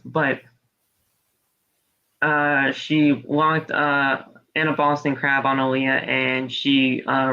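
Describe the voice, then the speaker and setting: A man co-hosting a podcast, casually recapping a wrestling show with rambling play-by-play and quick impressions. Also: a little high, bright, forceful tone, lo-fi sound. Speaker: podcast co-host.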